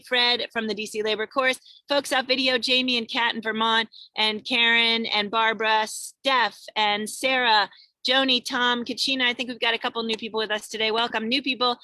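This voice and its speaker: Chatty upbeat woman host, bright voice. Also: on the high side, no room sound. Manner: chatty and upbeat, reading out many viewer names. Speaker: host of an online singing show. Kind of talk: casual greeting of viewers. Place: in a parked car on a road trip.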